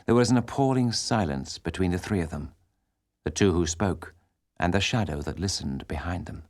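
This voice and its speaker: A man narrating an audiobook in a measured, dramatic way. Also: deep voice, darkish tone, no room sound, clean studio sound. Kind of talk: scripted narration.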